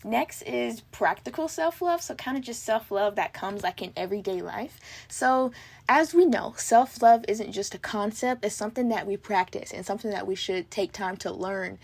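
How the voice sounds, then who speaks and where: A woman's voice: mid-range voice, moderate pace, a little mellow. A teenage girl hosting a casual podcast interview, bubbly and upbeat, with lots of "like" fillers. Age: teens. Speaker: podcast host.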